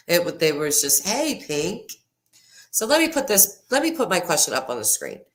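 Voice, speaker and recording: Woman, livestream host; low, very animated voice; rambling and laughing, talks straight to her viewers. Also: moderate pace. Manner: rambling and self-interrupting, laughs often; reads viewer comments aloud. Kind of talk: casual live chat with viewers.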